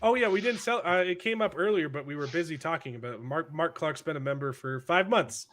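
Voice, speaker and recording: A man's voice: fairly high pitch, fairly quick, noisy background. A man hosting a podcast in casual chat, rambling and repeating words as he starts his sentences. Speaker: podcast host.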